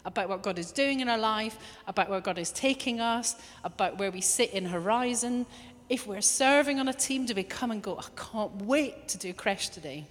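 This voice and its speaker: A woman preaching a lively sermon, now and then acting out little quoted voices. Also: on the high side, brisk. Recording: long hall reverb.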